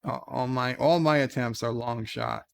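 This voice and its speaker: A man's voice: mid-range voice, steady tone, normal speed, creaky. A man hosting a casual livestream, reading advice letters and chat in a rambling, hesitant, self-deprecating way. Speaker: streamer host.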